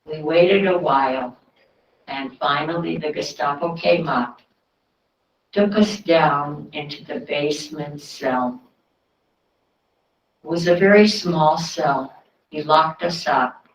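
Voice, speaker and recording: A woman's voice: low-pitched, slow, long pauses. An elderly woman giving a personal testimony as a guest speaker, telling her story plainly and often in the present tense. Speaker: Holocaust survivor guest speaker. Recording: dull, roomy sound from a distant mic.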